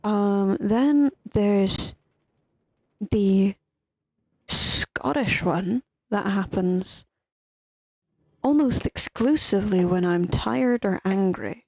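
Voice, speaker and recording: Irish woman streamer, unhurried rambling gamer chat with a mellow tone and the odd swear. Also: medium pitch, no echo, low-quality recording. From Ireland. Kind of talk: casual gaming chat.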